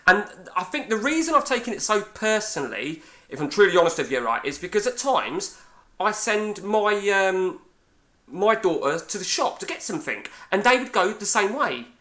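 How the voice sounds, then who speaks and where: English bloke in his 40s, bright edgy voice, a bit high, rambling and swearing while he plays a game. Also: normal speed. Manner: animated, swearing, rambling storyteller. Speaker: gaming channel host. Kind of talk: casual chat over a game session.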